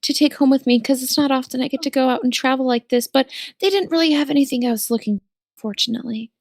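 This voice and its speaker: A woman voicing a polite young adventurer, speaking high and eager. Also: fast talker, no echo. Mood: sweet. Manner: high bright eager speech.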